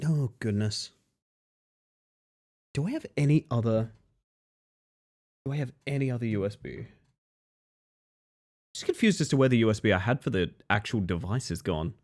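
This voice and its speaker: A man's voice: medium pitch, lively intonation, moderate pace, pauses often, darkish tone. A man live-streaming a game, chatting casually and dryly to his viewers with self-mocking asides. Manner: dry, self-mocking, talks to chat.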